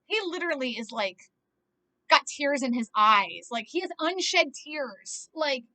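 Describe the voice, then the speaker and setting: Young woman, high voice, casual movie reaction chat, rambling, lots of "like" and cursing. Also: animated, a little slow, pushed and bright. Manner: rambling, heavy use of "like", frequent swearing.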